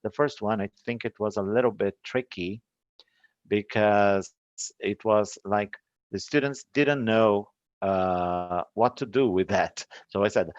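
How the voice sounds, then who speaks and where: A man with a Brazilian Portuguese accent talks through a lesson he taught, relaxed and chatty, with fillers along the way. His voice sits a little low. The sound is dry and slightly dull. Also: slow pace, no room sound. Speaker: English teacher. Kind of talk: recounting a lesson.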